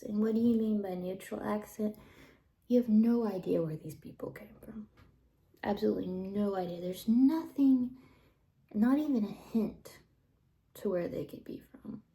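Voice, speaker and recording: Slow, gravelly-voiced woman telling stories. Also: medium pitch, rough recording. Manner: rambling, drops into soft whispered asides. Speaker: vlogger telling personal stories. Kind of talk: casual storytelling monologue.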